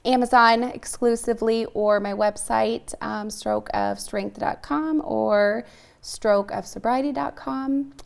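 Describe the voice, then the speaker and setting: A middle-aged woman speaks candidly and earnestly as a podcast guest. Her voice is gravelly, with a lot of vocal fry, and she pauses for ums as she collects her thoughts. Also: on the high side, fairly even intonation. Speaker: podcast guest, author in recovery. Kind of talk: casual interview talk.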